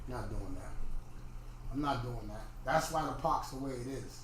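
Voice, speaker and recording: A man's voice: medium pitch, normal speed, fairly bright tone. A middle-aged man hosting a podcast, ranting in a casual livestream monologue and often repeating himself. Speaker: podcast host. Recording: very echoey room, faint noise.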